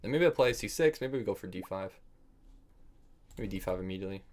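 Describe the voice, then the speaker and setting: A man's voice: low-pitched, expressive, a little fast. A man from the United States streaming online chess, thinking aloud about his moves, scolding himself for mistakes and bantering with his viewers in a casual style. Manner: thinks aloud, self-critical, chats with viewers. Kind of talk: casual live-stream commentary while playing.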